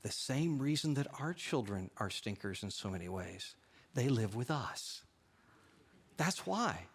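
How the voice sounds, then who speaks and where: A man preaching a sermon from the pulpit of a church. He talks in an animated way, jumping up in pitch for rhetorical questions and quoted lines. His voice sits at an ordinary middle pitch. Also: moderate pace. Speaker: pastor. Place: church sanctuary.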